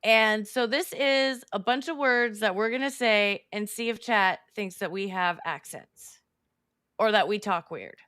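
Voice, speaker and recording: A woman's voice: mid-range voice, unhurried, fairly bright tone, smooth, dry recording. A woman from California co-hosting a podcast, chatting and explaining in a dry, amused way. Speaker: podcast co-host. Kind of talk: casual chat.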